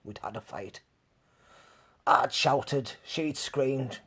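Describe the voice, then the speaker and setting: A man's voice: mid-range voice, extremely slow, a bit bright, slight background noise. A man hosting a live stream, telling rambling stories to his chat, laughing often and swearing freely. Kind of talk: casual storytelling to live chat.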